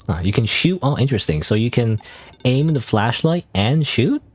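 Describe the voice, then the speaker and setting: A man's voice: medium pitch, lively intonation, moderate pace. A man streaming a game, thinking aloud in casual commentary with many restarts and hesitations.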